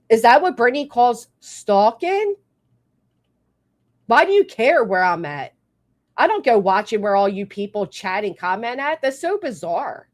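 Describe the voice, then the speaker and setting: Her voice sits a little high and is very animated, moving at a normal speed. This woman streams live, swearing freely through blunt, fired-up rants and breaking off to thank members.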